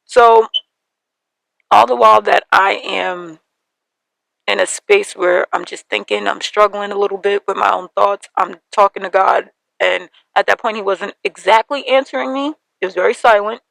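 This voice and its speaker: A young woman hosting a podcast, telling a personal story in an animated way and acting out the voices of her family. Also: mid-range voice, normal speed, gravelly, dry recording, rough recording. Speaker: podcast host.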